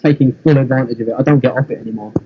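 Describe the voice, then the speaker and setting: A man's voice: mid-range voice, steady tone, rapid-fire, highs cut off, a little hiss or hum. A man from England with a London accent, laid-back and casually swearing in a chat. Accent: London English.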